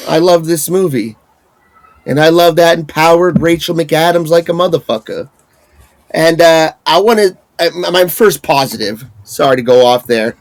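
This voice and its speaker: Man in his thirties, slightly high voice, ranting and swearing on a podcast. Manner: ranting, profane, laughs often. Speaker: podcast co-host. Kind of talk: casual podcast chat.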